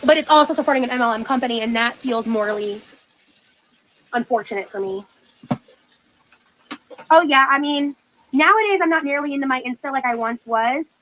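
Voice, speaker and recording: A woman's voice: sits high, fairly quick, pauses often, a bit bright, slight background noise, rough recording. A young woman livestreaming in casual chat, talking with valley-girl uptalk and lots of "like".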